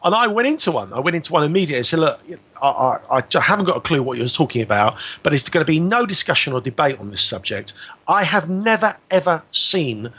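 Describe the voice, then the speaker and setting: Animated, bright-voiced man. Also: on the high side, fast, breathy edge. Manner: animated storytelling, acting out both sides of the exchange. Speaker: radio guest. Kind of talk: telling a personal story on a radio talk show.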